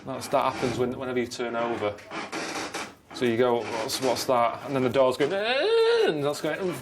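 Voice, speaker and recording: A man complaining in a flat, deadpan way during casual comic chat on a show. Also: mid-range voice, brisk, noisy background. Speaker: reluctant traveller on a comedy show.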